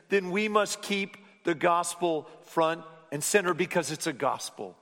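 A man preaching a sermon, rising to loud emphatic lines and then dropping to hushed, low endings. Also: expressive, unhurried, few pauses. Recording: long hall reverb.

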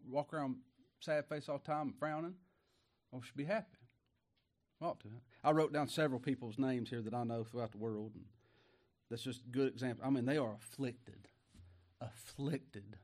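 A middle-aged man preaching a folksy sermon, moving from quiet asides to emphatic raised lines. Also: medium pitch. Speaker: pastor.

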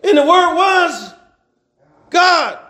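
A man's voice: extremely high pitch, animated, extremely slow, bright, forceful tone. A man preaching a sermon, fervent and calling out to the congregation, stretching out scripture readings and breaking into chuckling asides.

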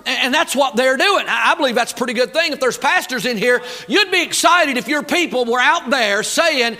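A man's voice: extremely high pitch, expressive, brisk, hardly any pauses, sharp tone. A man preaching a sermon, fired up and folksy, talking back and forth with the crowd. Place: church auditorium.

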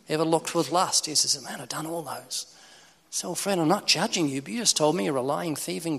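A man's voice: on the high side, gravelly, slightly rough. A man from New Zealand preaching a sermon, telling stories and acting out both sides of conversations. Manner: animated storytelling, voices both sides of dialogue. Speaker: evangelist preacher. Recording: long hall reverb.

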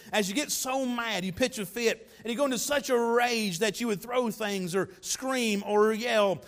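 A man's voice: high voice, fairly bright tone. A man, a pastor preaching a sermon in an earnest way with light asides.

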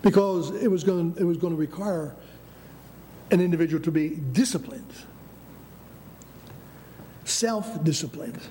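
A man's voice: fairly high pitch, measured pace, pauses often, mellow, slight background noise. An older American man preaching a sermon, emphatic, with frequent restarts and calls of "Amen?". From United States.

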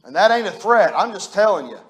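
A man's voice: sits high, sing-song, brisk. A middle-aged man preaching a sermon, folksy and emphatic, building to fervent peaks. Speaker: pastor.

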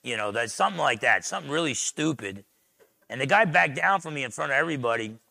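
A man with a New Jersey accent, a pastor preaching a sermon in an animated, storytelling way. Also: mid-range voice, fast talker, creaky, dry recording.

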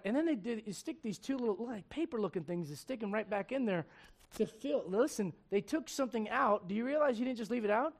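A man with a high-pitched voice preaches a sermon. He tells stories by acting out the dialogue and laughs at his own jokes. He goes loud for punchlines and drops low and quiet for the serious points. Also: expressive, a little fast. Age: adult. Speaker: pastor.

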